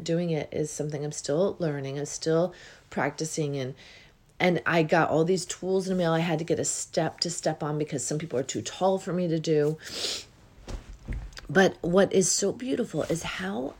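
A woman giving an unhurried, reflective spiritual talk as a healing coach, with many pauses and yawns. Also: low-pitched, expressive, a little mellow. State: yawning.

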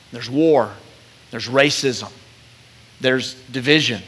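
A man preaching a sermon as pastor, animated as he acts out quoted voices and dropping soft and slow at tender points. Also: medium pitch.

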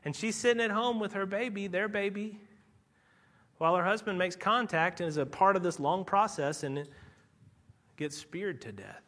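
A male pastor delivering a sermon in a somewhat high, bright, forceful voice. He builds to loud, urgent peaks, then drops to a near-hush, and at the close he leads the congregation in prayer. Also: moderate pace. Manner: dramatic, swings between loud urgency and hushed softness.

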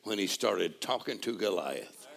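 Gravelly-voiced man preaching with fervor. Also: expressive, unhurried. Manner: call-and-response preaching, swings from low murmurs to shouted praise. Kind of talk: sermon.

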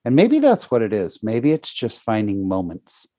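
A man's voice: on the low side, huge pitch swings, moderate pace, dark tone, no room sound, clean studio sound. A man hosting a podcast, talking in a heartfelt, rambling way with many restarts about his faith. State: near tears. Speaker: podcast host. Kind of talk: casual faith conversation.

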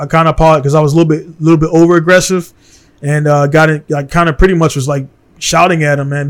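A man from Baltimore hosting a casual podcast conversation in a studio. He talks in a blunt, heated way and keeps tossing in "man". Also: a little high. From Baltimore, USA.

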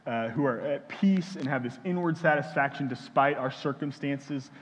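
A young man from Houston preaching a sermon, halting often with fillers and restarts as he speaks. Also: medium pitch. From Houston, Texas. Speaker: pastor. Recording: dull sound in a reverberant hall.

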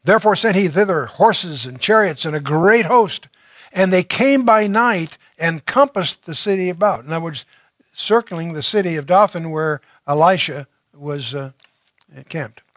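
A man with a fairly high voice teaches through scripture verse by verse. He reads a passage aloud, then explains it in a conversational, unpolished way, with fillers and restarts. The recording is dry, with no room echo. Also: animated, moderate pace, a bit bright. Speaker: Bible teacher.

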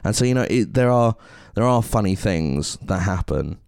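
A man's voice: on the low side, expressive, normal speed, vocal fry, a little mellow, clear, resonant tone, no echo, studio quality. A man co-hosting a casual podcast, speaking earnestly and from the heart. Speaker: podcast co-host.

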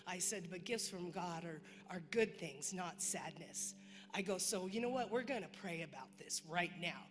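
A woman's voice: lowish voice, expressive, moderate pace. Woman giving a church testimony, conversational storyteller, hall echo with music bed. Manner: chatty storytelling, quoting herself and others. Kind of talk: personal testimony.

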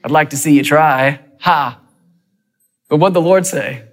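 A man preaching a sermon with a slightly high voice. He speaks in an animated style, surging into quick excited runs and then falling to near-whispers. His delivery is dramatic. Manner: animated preaching with quick bursts and sudden drops to a hush. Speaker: pastor.

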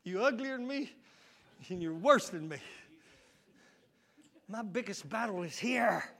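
A man's voice: high-pitched, animated, measured pace, gravelly. A male pastor preaching a fervent sermon, calling out to the congregation in folksy, colloquial phrasing. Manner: shouting, fervent preaching with call-and-response.

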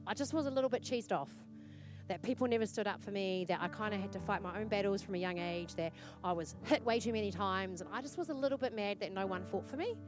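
A woman's voice: mid-range voice, fast talker, over music. A woman pastor with a New Zealand accent preaching a sermon in a church, earnest and exhorting, repeating her points for emphasis.

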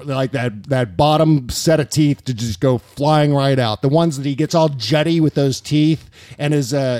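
A man hosting a political comedy podcast, rambling and profane and quick to laugh. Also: fairly high pitch, a little mellow, no room sound, studio quality. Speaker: podcast host. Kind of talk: casual political comedy chat.

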